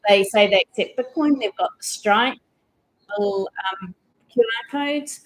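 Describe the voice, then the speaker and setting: A woman's voice: on the high side, measured pace, poor audio. A middle-aged woman co-hosting a vlog, telling stories in a chatty, enthusiastic way. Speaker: vlog co-host. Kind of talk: casual chat.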